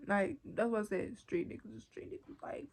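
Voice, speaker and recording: A young woman vlogger telling a storytime tale in animated, profane street slang while she smokes. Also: mid-range voice, moderate pace, creaky, slightly rough. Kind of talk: casual storytime vlog.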